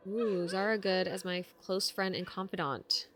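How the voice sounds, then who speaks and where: A woman streaming a video game, commenting in a loud, jokey, reactive way and swearing a lot. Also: medium pitch, normal speed, hardly any pauses, slight background noise. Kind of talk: let's play commentary.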